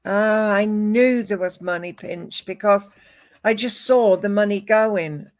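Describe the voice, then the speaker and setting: Woman medium, unhurried delivery, mid-range voice, names and images offered one by one. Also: mid-range voice. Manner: slow, measured, listing names and images one by one. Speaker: psychic medium. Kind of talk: live psychic reading.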